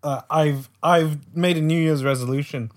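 Male co-host, deadpan self-mockery, a touch high-pitched. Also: normal speed. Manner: deadpan self-mocking jokes. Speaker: podcast co-host. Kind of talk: casual banter among friends.

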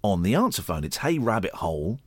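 A man's voice: lowish voice, big pitch swings, brisk, dry recording, clean studio sound. A man hosting a podcast, teasing his co-host with casual, mildly sweary banter.

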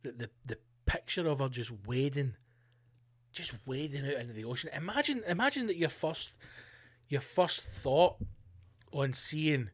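A man hosting a casual solo podcast, animated and sweary, laughing as he reads out news stories. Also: medium pitch, a little slow, no room sound. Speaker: podcast host.

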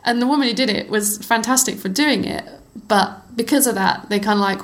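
A middle-aged woman, a former cyclocross racer, chatting as an interview guest and telling lively stories with frequent laughter. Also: mid-range voice, a little fast, few pauses. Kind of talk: casual conversational storytelling.

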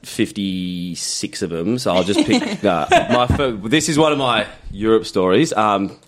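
Laid-back young Aussie guy, slightly low, telling a story on a podcast. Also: very animated, a little slow. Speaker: podcast guest. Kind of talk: casual chat.

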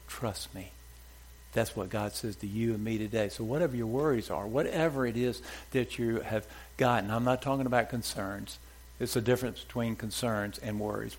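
Emphatic male pastor preaching. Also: fairly low pitch. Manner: emphatic, repeats short exhortations. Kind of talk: sermon. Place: church before a congregation.

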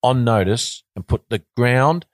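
An Australian man in his fifties spins animated stories as a guest. He often doubles back on his words as he goes. His voice sits dry and close to the mic. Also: medium pitch, unhurried, no echo. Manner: animated, repeats words and restarts. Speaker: guest, former cricketer. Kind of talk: casual storytelling.

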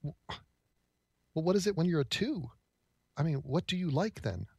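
A man's voice: on the high side, animated, moderate pace, creaky, darkish tone, breathy edge, no room sound, clean studio sound. A man reacting to videos with sarcastic, incredulous quips in casual commentary.

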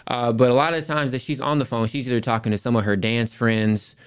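A man's voice: mid-range voice, steady tone, fast, clean tone. A man in his thirties, a school principal as podcast guest, telling family stories in a casual, rambling way. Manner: storytelling, frequent restarts and "you know".

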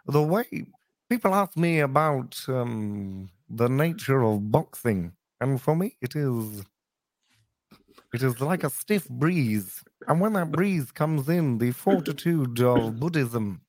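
A man doing an impression of a grandly verbose British boxer, delivering slow and lofty rambling speech. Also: medium pitch, lively intonation, darkish tone, no echo. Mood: grandiloquent.

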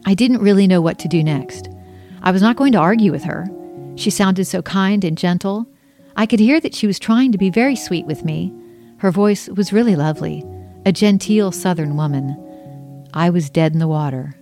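A woman's voice: fairly low pitch, normal speed, warm tone, faint music behind. A woman reading her own memoir aloud, telling her story in an earnest, emotional first-person way.

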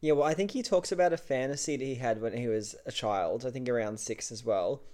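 A man's voice: mid-range voice, a little fast, a little mellow. A man co-hosting a casual true-crime podcast, making dry joking asides between facts. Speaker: podcast co-host.

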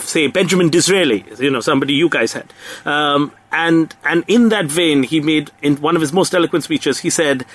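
A man's voice: a little high, a bit bright. Ironic man in mock-earnest chat. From India. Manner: ironic, mock-earnest, laughs at his own jokes. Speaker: comedy podcast co-host. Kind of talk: satirical comedy chat.

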